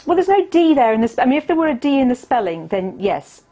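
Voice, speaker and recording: Measured woman, expert interview guest. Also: sits high, very animated, warm tone. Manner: measured, explanatory. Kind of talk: remote studio interview. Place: remote studio.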